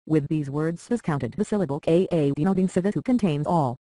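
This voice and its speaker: A voice reading a translated scripture aloud in a slow, even recitation, verse by verse, with Sanskrit terms. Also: medium pitch, dry recording, low-quality recording.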